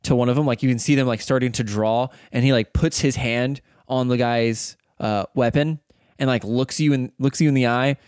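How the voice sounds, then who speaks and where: A man narrates a tabletop game as game master at an ordinary pitch, casual and often laughing, with fillers and swearing. The sound is dry and close. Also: fairly even intonation, moderate pace, a little mellow, smooth, dry recording.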